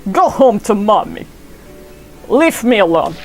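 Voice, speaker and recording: A woman putting on a gruff Russian-accented trainer. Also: medium pitch, sing-song, unhurried, a little mellow, faint music behind, rough recording. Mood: gruff, taunting. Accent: put-on Russian. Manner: taunting, then hammy and boisterous.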